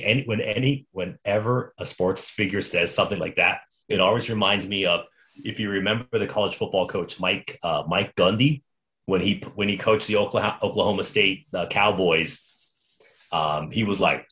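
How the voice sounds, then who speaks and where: Lower-voiced man hosting a sports podcast. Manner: animated, quick storytelling with frequent restarts. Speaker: podcast host. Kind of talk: casual sports podcast chat.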